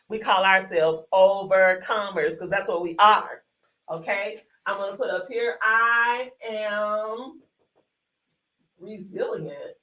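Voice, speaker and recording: A woman leads a live online workshop, her voice bright and forceful. She is folksy and encouraging, peppering her talk with y'all and calling viewers honey. She speaks into a desk microphone. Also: medium pitch, far from the mic, poor audio. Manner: chatty, encouraging, calls viewers honey and sugar; folksy, uses y'all often. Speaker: workshop host.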